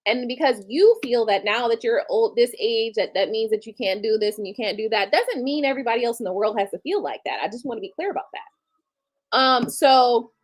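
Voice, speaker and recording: A woman in her late thirties talks straight to her live-stream viewers, blunt and candid, dropping curse words without a second thought. Her voice sits a touch higher than most women's. She keeps it loose and conversational, like a personal monologue. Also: lively intonation, a little fast. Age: late 30s. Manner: blunt, candid, swears casually. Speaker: livestream host.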